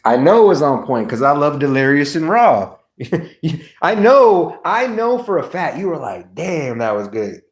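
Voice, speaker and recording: A livestream host chats casually, laughing and animatedly reciting comedy bits he knows by heart. His voice runs on the high side and a little slow, with a roomy echo in the recording.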